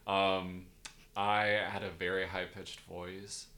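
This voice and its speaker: A young man with a very low voice chats casually on a podcast. He speaks loosely, full of fillers and self-deprecating asides. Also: little pitch movement, slow, a bit bright. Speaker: podcast co-host. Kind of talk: casual chat.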